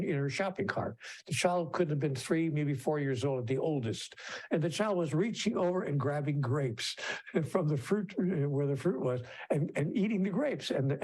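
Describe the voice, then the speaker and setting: A man's voice: on the high side, darkish tone. A man telling a personal story as a conference speaker, often restarting sentences and acting out the voices of other people. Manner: anecdotal, with frequent restarts and acted-out voices. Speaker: keynote speaker and author.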